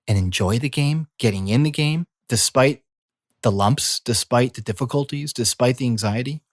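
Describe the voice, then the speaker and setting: A middle-aged man, a coach and former healer, speaking in a slow, soothing reflective monologue. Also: medium pitch, darkish tone, dry recording, studio quality. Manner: slow, soothing, drawn-out phrasing. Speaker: coach and former healing practitioner.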